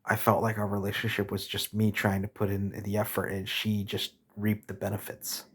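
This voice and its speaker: A man's voice: lowish voice, completely flat delivery, moderate pace, husky. A man vlogging a blunt, rambling rant to camera, swearing and correcting himself as he goes.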